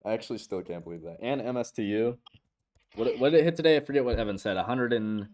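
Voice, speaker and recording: A man hosting a casual trading stream, excitable, swearing freely and laughing often. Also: medium pitch, quick pace. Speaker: stream host.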